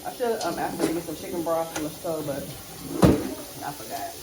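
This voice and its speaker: Mom chatting to her viewers while she scrubs a pot, echoey kitchen with loud clatter behind. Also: sits low, expressive, a little fast, background noise. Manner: chatty, confiding, talks straight to viewers. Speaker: lifestyle vlogger, mother and wife. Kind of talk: casual chat while cleaning and cooking. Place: home kitchen.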